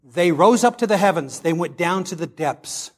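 A man with a high voice preaches a sermon with real passion. He reads scripture slowly and dramatically, then speeds up as he teaches and tells stories. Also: expressive. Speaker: pastor.

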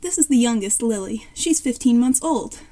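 A woman's voice: on the high side, expressive, moderate pace, warm tone, close to an everyday voice. A woman voicing a cheerful, helpful boy with many sisters in a story reading.

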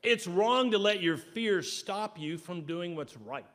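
A man preaching a sermon in church, animated, acting out quoted voices and swinging between loud and soft. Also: high voice, slow pace. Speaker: pastor. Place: church sanctuary.

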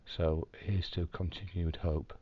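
A man recording a personal video diary from his hospital room, telling a story calmly with dry, wry humour. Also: low-pitched, slow pace, phone-quality sound. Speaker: video diarist in hospital recovery.

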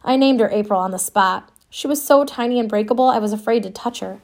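Brief: woman narrator, first-person audiobook, wry and wistful, somewhat high voice. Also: fast talker, darkish tone.

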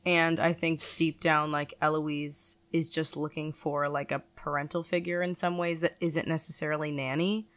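A woman's voice: deep voice, little pitch movement, normal speed, hardly any pauses, fairly bright tone. A woman guest on a podcast, talking casually about a movie she loves in a chatty way, with lots of "like".

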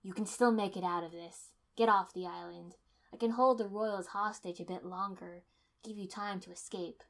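A woman voicing a wounded young male ninja, his voice low and tight with pain, desperate. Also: fairly even intonation, moderate pace, lightly acted. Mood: pleading.

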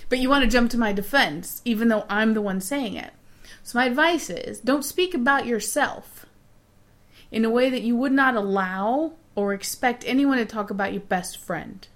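Woman, podcast co-host, casual chat, laughs often, animated advice. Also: a little high, normal speed. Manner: chatty, laughs often, animated when making a point.

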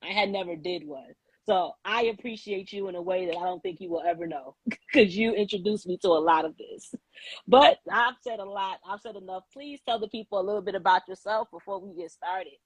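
An outspoken, chatty woman hosts a live online podcast, laughing easily between points. Her voice is a little husky and sits in a middle register. The sound is dry and close, with no room around it. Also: mid-range voice, a little fast, dry recording, poor audio. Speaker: podcast host.

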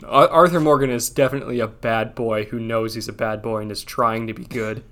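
A young man hosting a podcast, joking in relaxed, slangy chat and often trailing off mid-sentence. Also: mid-range voice, brisk. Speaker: podcast host. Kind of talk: casual chat.

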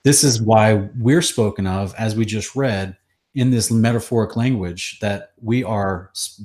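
Low-voiced man teaching scripture earnestly. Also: darkish tone. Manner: earnest, quotes verses rapidly with chapter numbers. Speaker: Bible teacher.

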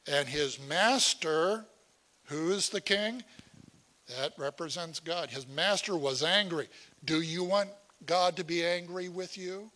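Bright-voiced slow-preaching man. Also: a little high. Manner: folksy, conversational preaching with asides to the congregation. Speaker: pastor. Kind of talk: sermon.

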